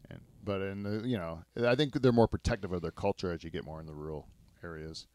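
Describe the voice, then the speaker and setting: A man hosting a podcast in casual, rambling chat, self-mocking and quick to laugh. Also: deep voice, a little mellow, dry recording. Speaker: podcast host.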